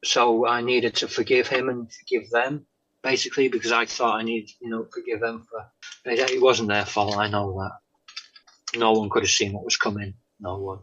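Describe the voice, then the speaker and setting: A man, a guest telling his faith testimony in an interview, halting with many pauses and "um"s and often dropping to a soft tone. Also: mid-range voice, level tone, husky. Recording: dull lo-fi sound.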